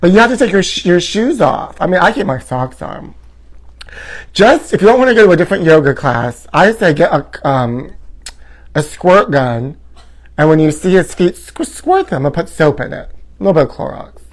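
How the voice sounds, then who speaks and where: A man's voice: on the high side, very animated, moderate pace. A man hosting a live gossip stream from home in a campy, theatrical way, reading viewer comments aloud and calling everyone honey. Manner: reads fan comments aloud. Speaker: host.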